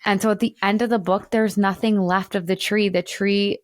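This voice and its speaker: A woman in her thirties hosting a podcast, talking in an animated, emphatic way and at times near tears. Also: medium pitch, moderate pace, no room sound, clean studio sound. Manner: animated, emphatic, tearful at moments. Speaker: podcast host. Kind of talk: emotional podcast monologue.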